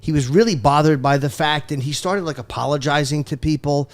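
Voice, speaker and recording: Slightly higher-voiced rambling comedian. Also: male voice, a little fast. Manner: rambling, swearing anecdotes. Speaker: podcast guest, veteran comedian. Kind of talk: casual chat.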